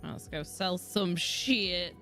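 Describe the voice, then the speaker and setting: A woman's voice: lowish voice, takes it slowly. A young woman with a Yorkshire accent chatting casually and rambling while she streams a game, swearing freely and often laughing. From Yorkshire, England. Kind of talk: casual livestream chat while gaming. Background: soft background music.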